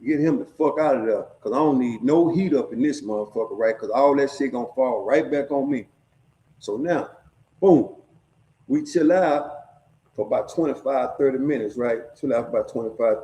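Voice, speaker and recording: Middle-aged man, relaxed streetwise storyteller with a warm tone, recorded in a roomy space. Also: mid-range voice, normal speed. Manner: profane, streetwise, keeps checking in with "right?". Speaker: storyteller sharing prison stories. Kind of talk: casual storytelling. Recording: echoey room.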